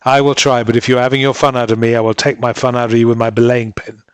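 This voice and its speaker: A man voicing a rough, boastful drunken sailor who blusters and threatens. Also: medium pitch, level tone, fast talker, no echo, lightly acted. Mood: skeptical.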